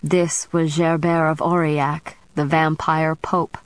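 Woman audiobook narrator, steady first-person storytelling, lowish voice. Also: a little slow, clean tone, no echo, poor audio.

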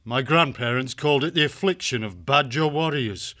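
A grave young badger warrior from a storybook drama, as a man plays him, earnest and steady. He speaks at a mid pitch, solemn and protective. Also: moderate pace, close to an everyday voice. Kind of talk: full-cast audiobook acting.

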